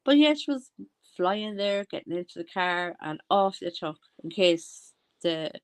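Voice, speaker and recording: A chatty Irish woman talking in a fairly low voice. She rambles through casual commentary, trailing off and circling back when she loses her thread. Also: expressive, a little slow, clean tone. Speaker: commentary vlogger.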